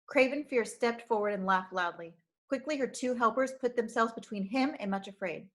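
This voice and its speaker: A woman with a somewhat high voice reads a storybook aloud for young children. She narrates clearly and expressively, at an easy pace. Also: moderate pace.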